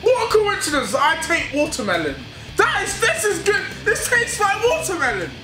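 A young British man on a casual taste-test vlog, reacting loudly and with excitement. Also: very high-pitched, normal speed. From United Kingdom. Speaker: YouTuber. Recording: echoey room with loud music.

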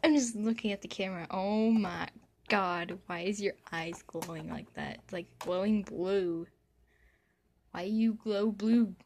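A woman chatting casually on a vlog, playfully scolding her cat with sudden excited squeals. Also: mid-range voice, a little slow. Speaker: vlogger filming her cat. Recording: faint background noise.

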